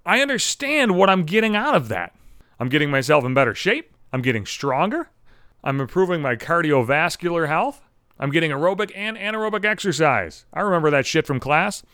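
Man, podcast host, profane sarcastic rant, smooth clear voice, somewhat high. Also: big pitch swings, fairly quick, a bit bright, no room sound, clean studio sound.

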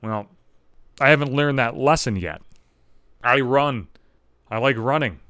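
A man's voice: medium pitch, lively intonation, a little slow, a bit bright, smooth, no room sound, clean studio sound. A man in his thirties ranting in a profane, self-deprecating comic monologue, exasperated and swearing constantly. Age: 30s.

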